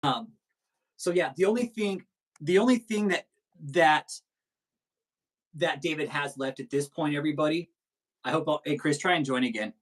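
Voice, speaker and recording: A man hosts a live stream in casual commentary. He is profane and combative and rambles freely. His voice sits a little high. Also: normal speed, long pauses, rough recording. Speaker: stream host.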